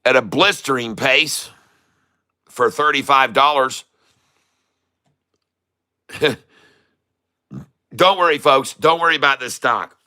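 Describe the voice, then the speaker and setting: A man's voice: mid-range voice, slow pace, pauses often, bright, forceful tone. Chatty older man hosting a trading livestream. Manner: chatty, jokey, laughs often, folksy. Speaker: livestream host, day trader. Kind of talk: casual live-stream chat, reading comments.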